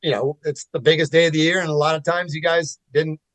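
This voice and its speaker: A man's voice: on the high side, little pitch movement, fast, a bit bright, no echo, rough recording. A man in casual podcast conversation, talking candidly with restarts and swearing. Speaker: podcast guest. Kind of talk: casual chat.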